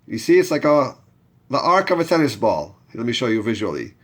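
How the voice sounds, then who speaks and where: A man teaches Torah reading through a step-by-step chanting lesson, patiently guiding learners and having them repeat after him. His mid-range voice swings widely in pitch and moves fairly quickly.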